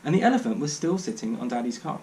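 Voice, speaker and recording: A man reads a children's storybook aloud, his voice rising and falling in lively swings. He sits a touch above the usual male pitch and narrates in a dry, wry way. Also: quick pace, low-quality recording. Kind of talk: reading a children's book aloud.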